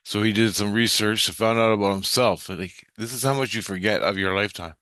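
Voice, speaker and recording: A man's voice: fairly low pitch, a little fast, a bit bright, no echo. A man telling a personal story in a casual, rambling way, cursing and restarting his sentences. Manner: rambling, profane, frequent restarts.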